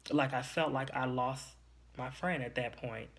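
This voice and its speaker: A man's voice: medium pitch, fairly even intonation, a little slow, fairly bright tone. A young man hosting a podcast, telling a personal story in a candid, emotional and confiding way. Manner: emotional, confiding, a little teary. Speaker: podcast host.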